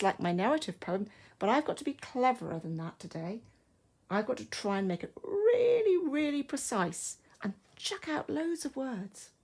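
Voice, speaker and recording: An English woman teaching a primary school class, thinking aloud slowly and carefully as she writes, in a recorded online lesson. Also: mid-range voice, a little mellow. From England. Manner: slow, careful, thinking aloud while writing.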